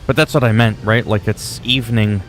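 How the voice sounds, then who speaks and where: With faint music in the background, a Canadian game streamer, French by first language, chats loosely and easily with viewers during a livestream. His lowish voice is steady, brisk, and fairly bright.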